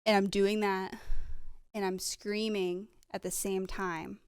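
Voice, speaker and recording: A woman at a medium pitch tells her faith story in an earnest, animated and casual way, laughing often. Her voice is recorded close and dry. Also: slow pace, clean tone, dry recording. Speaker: guest telling her testimony. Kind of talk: personal faith testimony, casual.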